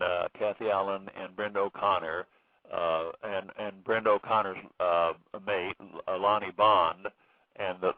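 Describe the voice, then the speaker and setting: Male author guest, low voice, hesitant with frequent fillers; phone-line sound. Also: no echo. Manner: halting, many fillers and restarts. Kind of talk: phone interview recounting a case.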